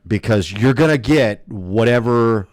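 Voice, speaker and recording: A man co-hosting a casual podcast, telling stories in a rambling, animated way with many restarts. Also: lowish voice, measured pace, no room sound, clean studio sound. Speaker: podcast co-host. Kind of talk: casual chat.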